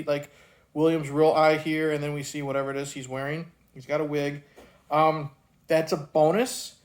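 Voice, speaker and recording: A man casually reviewing a film, rambling with frequent fillers and restarts. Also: a little high.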